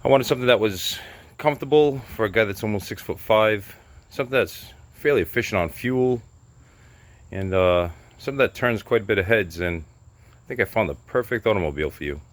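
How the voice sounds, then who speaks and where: Lowish and brisk, a middle-aged man's voice comes through a dry recording as he fixes a car in his garage. A car repair vlogger, he keeps things casual and joking in this hands-on how-to video.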